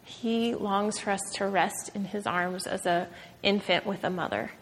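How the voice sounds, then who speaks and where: A woman's voice: medium pitch, steady tone, unhurried, slight background noise. A woman in her thirties, a mother, giving a heartfelt, conversational devotional talk to a room of women, with many "like"s and "um"s. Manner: earnest, conversational, frequent "like" and "um". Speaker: speaker at a women's gathering. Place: large room with an audience. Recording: long reverb of a hall.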